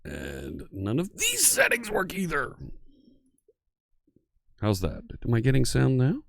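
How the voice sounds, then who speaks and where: Male live-stream host, casual and talkative, warmly greeting chat by name, very animated intonation. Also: mid-range voice, takes it slowly, vocal fry, no room sound, clean studio sound. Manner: chatty, greets viewers one by one.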